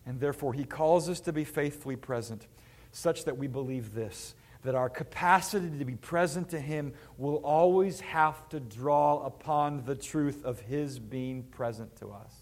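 A man's voice: medium pitch, moderate pace. A male pastor delivering a sermon to his congregation in an earnest, emphatic preaching manner.

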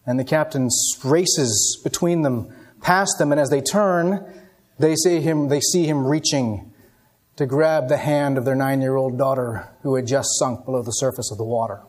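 A man giving an evening sermon, telling a story dramatically and moving between hushed and raised passages. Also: mid-range voice, normal speed. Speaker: pastor.

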